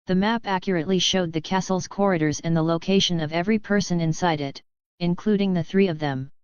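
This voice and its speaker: A woman narrating a fantasy novel audiobook in a steady, even storytelling manner. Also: lowish voice, fast, clean tone, no room sound, muffled recording. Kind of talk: scripted narration.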